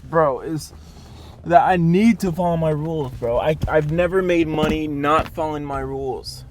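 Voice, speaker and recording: A man's voice: a little high, moderate pace. A young man, a day trader, recording a frustrated video diary and scolding himself in the second person, swearing heavily. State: hungry. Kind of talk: self-talk video diary.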